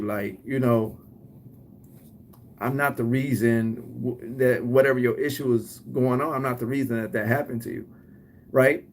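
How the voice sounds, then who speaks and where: This man speaks at medium pitch and a moderate pace, with a Detroit accent. He runs a cleaning business and gives viewers casual advice, often ending points with "right?" and acting out both sides of short scenes.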